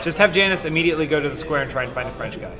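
A man hosting a casual let's-play, cracking sarcastic, deadpan jokes as he plays. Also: on the high side, rapid-fire, music in the background. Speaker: gaming show host.

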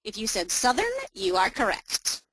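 A woman presenting a webinar, walking listeners step by step through a software demo in an upbeat, explaining manner. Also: medium pitch, sing-song, moderate pace, breathy edge, dry recording, low-quality recording.

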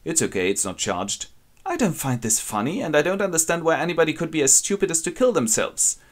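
A man's voice: a little high, sing-song, fairly quick, voice pushed up. A man voicing a brusque, impatient young man in a raised voice. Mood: irritated.

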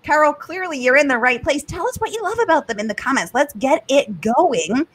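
A woman's voice: high voice, sing-song, a little fast, fairly bright tone. A middle-aged woman from the area, hosting a live-streamed author interview with bubbly enthusiasm. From Boston area. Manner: bubbly, enthusiastic, reads viewer comments aloud. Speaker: host.

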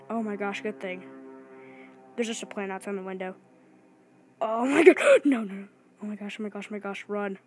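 A woman giving excited gameplay commentary, talking fast and restarting her sentences often. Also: medium pitch, husky. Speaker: gaming video creator.

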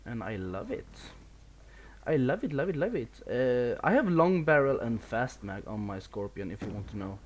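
A man's voice: medium pitch, very animated, moderate pace, slight background noise. A man from Sweden with a Swedish accent, giving casual live commentary over a video game while he plays, a bit nervous, swearing and laughing at himself. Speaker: gameplay commentator.

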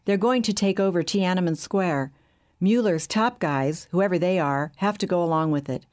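A woman narrating a smooth, assured bank chief who runs a secret meeting in a calm, soothing way. Her voice sits a little low and stays easy and steady. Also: moderate pace, lightly acted. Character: smooth scheming middle-aged male bank chief.

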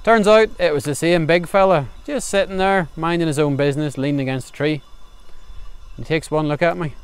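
A man's voice: on the high side, brisk, smooth, no echo. A man telling a humorous folk tale outdoors on a farm, in a chatty yarn-spinning manner. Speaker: storyteller. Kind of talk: spoken folk storytelling. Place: outdoors under a tree on a farm. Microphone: camera recording outdoors.

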